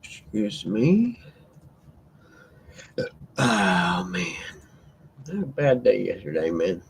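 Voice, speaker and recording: A man's voice: low voice, lively intonation, takes it slowly, creaky, slight background noise, low-quality recording. A man hosting a live stream, rambling in a laid-back way and chatting to viewers by name. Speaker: livestream host reading chat. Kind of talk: casual live-stream chat.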